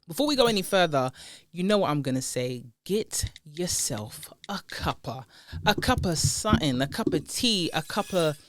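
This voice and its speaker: A woman's voice: lowish voice, very animated, fairly quick, no echo. A woman hosting a podcast, chatting casually and playfully, laughing often and using slang. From United Kingdom. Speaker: podcast host. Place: seated indoors. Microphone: podcast microphone.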